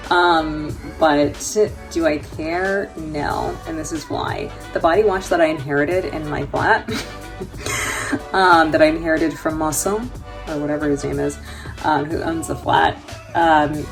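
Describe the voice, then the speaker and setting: American woman vlogging her trip, low voice, jokey and chatty, lots of ums, faint music behind. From New York. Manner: chatty and joking, laughs often, many fillers. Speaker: travel vlogger. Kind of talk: casual vlog chat.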